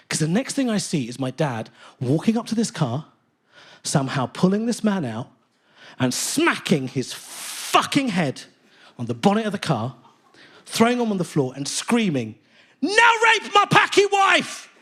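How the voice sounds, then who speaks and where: A man from England in his thirties performing a stand-up comedy set in a theatre, telling stories with animated bursts of indignant ranting. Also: a little high, slightly rough. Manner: animated storytelling, bursts into loud indignant rants. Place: large theatre stage. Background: audience laughter.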